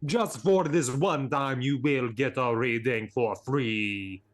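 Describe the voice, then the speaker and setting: A man playing a tabletop game, speaking deadpan and deliberate in character. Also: medium pitch. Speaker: player.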